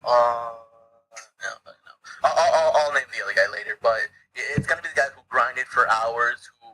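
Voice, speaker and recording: A man co-hosting a gaming podcast in loose, casual chat. He rambles, trips over repeated words and swears freely. His voice is bright and forceful. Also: medium pitch, fairly quick, rough recording. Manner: rambling, stammering restarts and frequent swearing. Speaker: podcast co-host.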